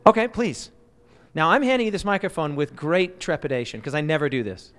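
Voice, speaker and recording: A man with a notably high voice leads a church Bible lesson, lively and quick to toss questions at the group. His voice rings out with a long reverb, as if filling a large hall. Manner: lively, quizzes the audience. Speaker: Bible study teacher.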